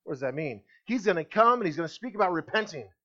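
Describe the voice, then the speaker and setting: A man's voice: high-pitched, sing-song, fast talker, pushed and bright, lo-fi sound. A man preaching a sermon as pastor, emphatic, asking the congregation rhetorical questions.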